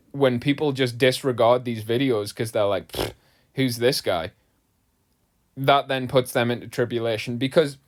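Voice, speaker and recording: A man, preaching casually to camera as an online Bible teacher, rambling and conversational. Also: medium pitch. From England. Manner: rambling, conversational, heavy use of "like" and "you know".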